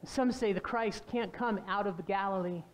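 A woman's voice: medium pitch, normal speed. A woman pastor preaching a sermon, telling the story with animation and putting questions to the congregation. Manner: animated storytelling, acting out quoted voices.

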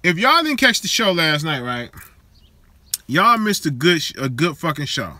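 A man's voice: fairly high pitch, very animated, normal speed, bright, forceful tone. A man hosting a live show, chatting casually and profanely with viewers in a streetwise way.

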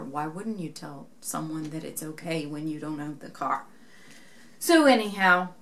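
A young woman who vlogs about knitting speaks to camera in a fairly bright voice on the low side. She tells a story in a chatty way, retelling events by acting out what people said.

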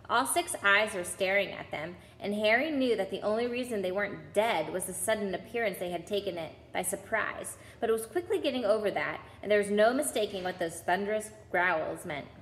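A woman reading a children's novel aloud as a storyteller, with expressive, dramatic narration. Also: medium pitch. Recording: roomy with long reverb, faint hum.

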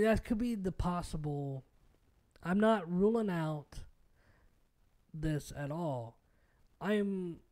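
A man's voice: fairly high pitch, warm tone. A young man hosting a solo podcast, ranting casually and at length, with plenty of swearing, fillers and restarts. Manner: rambling and profane, with many fillers and restarts. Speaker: podcast host.

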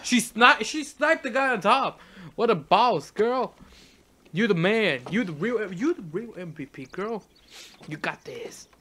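Excitable high-voiced young gamer. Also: male voice, a little slow, slight background noise. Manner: excitable, shouting at the game, laughing. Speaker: gaming channel host. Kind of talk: let's play commentary. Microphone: face cam desk mic.

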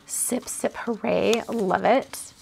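A woman's voice: mid-range voice, slow pace, creaky, a little mellow, slight background noise. A woman hosting a casual livestream, chatting and gushing as she opens cards sent by viewers. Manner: gushing, chatty, thinks aloud with many fillers. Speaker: card-making livestream host. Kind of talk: casual live chat while opening mail.

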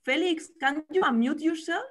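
A woman with a high voice hosts an online meetup over a video call. She moderates in a chatty, cheerful way. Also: normal speed. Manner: cheerful, chatty, laughs at herself. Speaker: meetup host.

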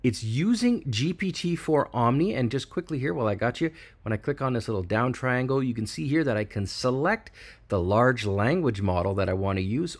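A man hosting a tech channel, chatting excitedly through a screen-recorded software walkthrough and hyping each feature. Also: medium pitch.

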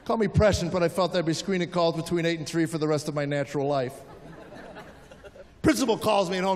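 Older male stand-up comic, high voice, live set in a reverberant hall. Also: fairly quick, darkish tone. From United States. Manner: storytelling with acted-out quotes. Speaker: stand-up comedian. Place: large hall with audience.

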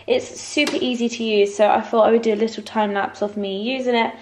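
A woman's voice: on the high side, fairly even intonation, brisk, darkish tone, a little hiss or hum. A young woman chatting casually in a home vlog, bubbly and effusive, laughing often as she talks. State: out of breath. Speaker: lifestyle vlogger. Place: her flat at home.

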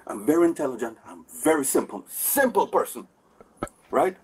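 A man's voice: fairly high pitch, sing-song, normal speed, slightly rough. A man in his forties rambling to police officers, repeating himself and asking for agreement, recorded on a bodycam. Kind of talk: heated conversation with officers. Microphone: officer's body camera. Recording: distant bodycam audio with faint background noise.

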